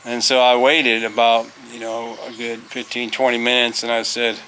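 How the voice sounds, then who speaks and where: A man's voice: medium pitch, monotone, moderate pace, pushed and bright, slight background noise. A middle-aged man, a former teacher, telling a rambling, folksy story outdoors on a farm, full of fillers and restarts. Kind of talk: casual storytelling.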